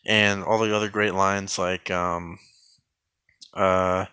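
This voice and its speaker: A man giving a sarcastic mock film review in a deadpan, rambling way, full of fillers and restarts. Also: sits low, slow, smooth, no echo.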